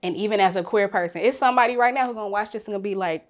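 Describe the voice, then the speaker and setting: A woman speaking candidly and emotionally in a panel conversation, swinging from hushed to loud. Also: mid-range voice, rapid-fire.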